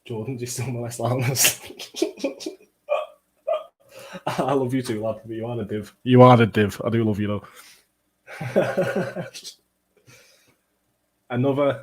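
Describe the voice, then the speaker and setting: A young man with a mid-range voice hosts a football watchalong livestream. He banters and swears while reading out chat comments, breaking into excited play-by-play now and then, in casual stream chat and match reaction.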